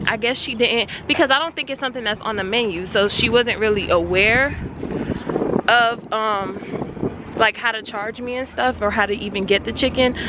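A young woman vlogger with a slightly high voice tells her viewers a story in a casual, animated way while loading her car outdoors, faint traffic audible behind her.

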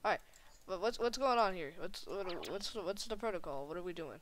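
A woman's voice: lowish voice, animated, a little fast. A woman doing comedic voice acting for a plush animation, trading exasperated, slang-filled bickering between characters.

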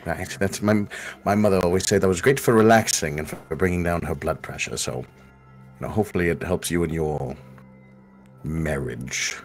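Deep-voiced man in dry character banter. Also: moderate pace, faint music behind. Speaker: player.

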